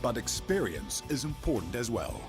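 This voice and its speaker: A man's voice: mid-range voice, big pitch swings, normal speed, over music. A man with a New Zealand accent doing mock fishing show narration and sponsor reads with a dramatic announcer delivery.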